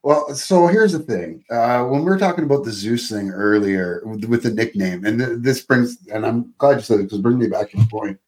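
Animated Canadian man telling stories. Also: medium pitch, a little fast, hardly any pauses. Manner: animated storyteller, swears casually, puts on accents. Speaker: actor, podcast guest. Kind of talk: casual chat.

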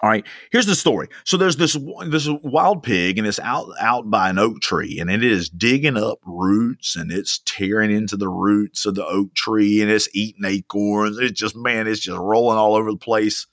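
A man's voice: on the low side, moderate pace, hardly any pauses, a bit bright, dry recording, studio quality. A young man preaching a sermon as a pastor, emphatic and fond of repeating lines for stress. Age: young adult.

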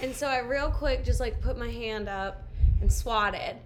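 Young woman co-host, high voice, lively and profane storyteller, faint room hiss. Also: measured pace. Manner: animated storyteller, swears a lot, laughs often. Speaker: podcast co-host. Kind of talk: casual chat.

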